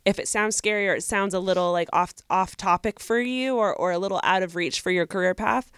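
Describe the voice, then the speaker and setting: A woman's voice: medium pitch, brisk, fairly bright tone, clear, resonant tone, no echo, studio quality. Earnest young woman giving advice. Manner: earnest, encouraging. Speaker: podcast co-host. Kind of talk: casual advice chat.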